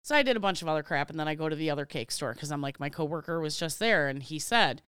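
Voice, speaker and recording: A smooth, medium-pitched voice at a quick pace, recorded in clean studio sound with no room noise. A podcast co-host, an animated storyteller, shares a work story in casual conversation, acting out each exchange and venting with casual swearing.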